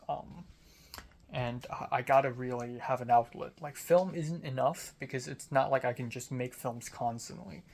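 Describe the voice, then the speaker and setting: A man's voice: medium pitch, moderate pace, a little mellow. A young man from Hong Kong, rambling candidly through a casual diary-style vlog, full of fillers and self-deprecating asides. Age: young adult. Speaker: vlogger. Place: outdoors on a college campus.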